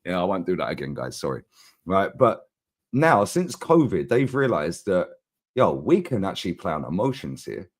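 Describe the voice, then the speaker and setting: Low-voiced ranting man. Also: moderate pace. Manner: animated, ranting, slangy. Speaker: co-host. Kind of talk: casual football chat.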